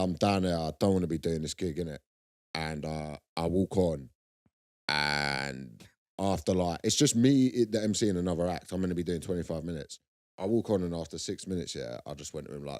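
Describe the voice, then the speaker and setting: A man's voice: low voice, normal speed, a little mellow. A young man, co-hosting a comedy podcast and telling laid-back stories in slangy casual chat.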